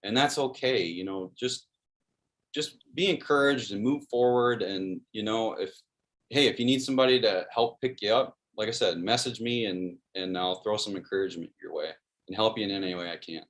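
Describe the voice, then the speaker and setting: A man in his thirties talks as an interview guest in a lowish voice. He is earnest and friendly and tells stories at an everyday pace. He restarts his sentences often and leans on "you know". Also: normal speed, a bit bright. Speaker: guest, sports video producer. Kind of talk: casual interview storytelling.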